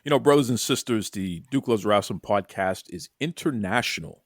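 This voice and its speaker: A man with a Boston accent hosting a casual podcast interview, energetic and folksy, often repeating his words. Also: on the low side, moderate pace, dry recording. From Boston, USA. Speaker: podcast host.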